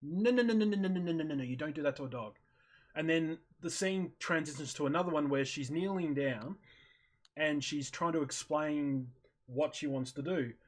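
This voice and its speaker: A man's voice: a little high, normal speed. A man chatting casually over voice chat, animatedly retelling a video he watched and acting out his own reactions. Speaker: streamer in voice chat. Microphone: headset or desk mic on voice chat.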